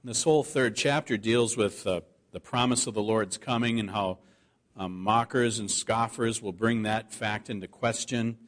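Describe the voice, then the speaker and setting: A man preaching a sermon, reading scripture aloud and slowing down to stress the key words. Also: on the low side. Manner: earnest preaching, slows to stress scripture quotes. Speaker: pastor.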